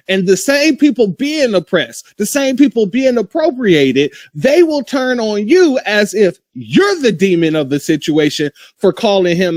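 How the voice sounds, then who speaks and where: High-voiced host, rhetorical and animated. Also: male voice, dry recording, studio quality. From United States. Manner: animated, rhetorical, asks questions and waits. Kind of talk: casual opinion talk.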